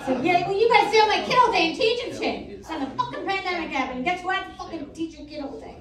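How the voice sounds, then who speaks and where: A woman's voice: high-pitched, normal speed. Foul-mouthed woman doing club stand-up. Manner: crude, deadpan punchlines with crowd work. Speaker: stand-up comedian. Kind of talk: stand-up comedy set. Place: comedy club. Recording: echoey club audio from far off with loud crowd.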